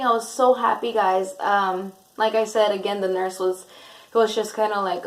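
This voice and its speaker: A woman's voice: mid-range voice, normal speed, low-quality recording. Chatty young woman telling a story. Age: young adult. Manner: chatty and animated, full of fillers. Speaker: vlogger. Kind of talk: storytime vlog.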